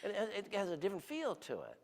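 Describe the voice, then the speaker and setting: Lively older man preaching in a hall. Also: high voice, quick pace, creaky. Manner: storytelling, asks the audience questions. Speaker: guest speaker. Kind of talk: conversational sermon. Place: church hall.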